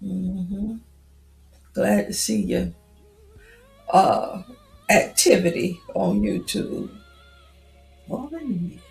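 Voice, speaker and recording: A woman's voice: medium pitch, sing-song, slow pace, vocal fry, long pauses, a little mellow, echoey room, soft background music, low-quality recording. A woman in her fifties chatting casually on a livestream, greeting viewers by name. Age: 50s. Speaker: livestream host.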